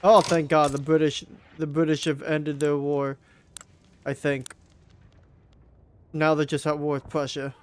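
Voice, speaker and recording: A man's voice: a little high, little pitch movement, measured pace, long pauses, a little hiss or hum. A young man commenting on his strategy game, groaning, swearing and pleading at it as things go wrong. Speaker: gameplay commentator.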